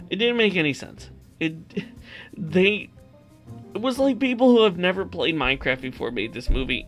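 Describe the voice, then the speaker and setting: A young man hosting his own channel, giving a casual, exasperated movie review rant with laughs and sudden loud outbursts. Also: sits high, gravelly. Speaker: channel host.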